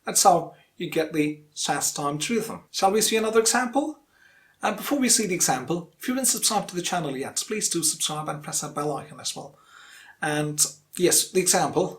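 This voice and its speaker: High-voiced man teaching English rhythm. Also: lively intonation. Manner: slow, deliberate model sentences with repetition. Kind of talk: online accent lesson.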